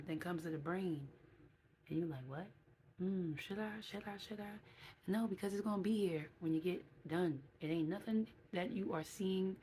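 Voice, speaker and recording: A woman with a low voice talks frankly and chattily to her viewers in a casual vlog, sometimes slipping into other people's voices. A faint background hiss sits under her speech. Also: warm tone. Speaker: vlogger.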